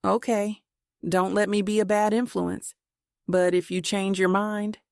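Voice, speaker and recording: A woman's voice: medium pitch, level tone, measured pace, a little mellow, dry recording, clean studio sound, lightly acted. A woman voicing a troubled, brooding male detective in an audiobook, speaking plainly and wearily.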